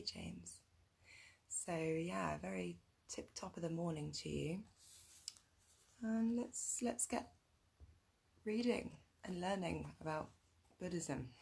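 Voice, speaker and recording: A low, husky-voiced woman with a groggy morning rasp, chatting easily before she reads aloud. Her gravelly tone stays relaxed and unhurried as she leads her book group. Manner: relaxed, chatty, with soft laughs. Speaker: reader leading a book group. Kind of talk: casual chat then reading aloud.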